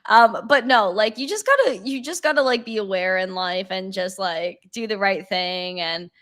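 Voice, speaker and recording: A woman's voice: mid-range voice, normal speed, fairly bright tone. A young woman in casual chat, rambling with many fillers and laughing easily.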